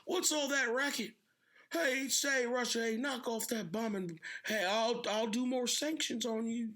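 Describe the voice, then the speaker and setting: A man impersonating a grumpy, drowsy old male president who scolds people to keep quiet. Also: very high-pitched, a little slow, voice pushed up, heavily acted. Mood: grumpy scolding.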